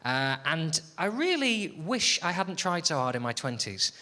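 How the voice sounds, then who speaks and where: A man's voice: fairly high pitch, big pitch swings, measured pace, sharp tone. Wry man doing stand-up. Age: late 20s. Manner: wry, self-deprecating, rambling asides. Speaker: stand-up comedian. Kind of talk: stand-up comedy set. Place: comedy venue stage before a live audience. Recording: noisy live comedy recording.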